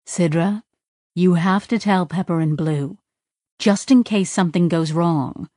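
A woman voicing a wry, worried male alien tech in a slower, lower tone. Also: mellow, dry recording, clean studio sound, natural voice. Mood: serious.

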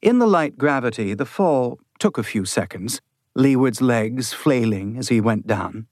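A man reading an audiobook in measured, steady scripted narration. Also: medium pitch, dry recording, clean studio sound.

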